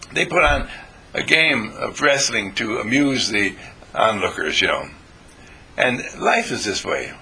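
A man's voice: mid-range voice, creaky, pushed and bright, slightly rough. An older man giving a folksy, meandering spiritual talk to a small group, playful and chatty.

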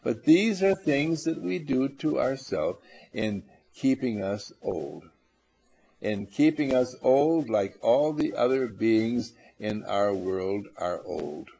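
Gravelly, lively man preaching on ageless living. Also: medium pitch, slow. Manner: animated, acts out little scenes in funny voices; coaxes and teases the audience. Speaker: motivational speaker. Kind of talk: spiritual lecture to a live audience.

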